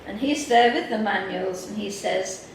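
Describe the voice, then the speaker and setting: A woman with an English accent giving a workshop talk, telling lively stories and acting out what other people said. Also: mid-range voice, normal speed, gravelly. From England. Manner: lively anecdotal, acts out quoted people. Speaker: workshop speaker. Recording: echoey hall, mic far off, faint noise.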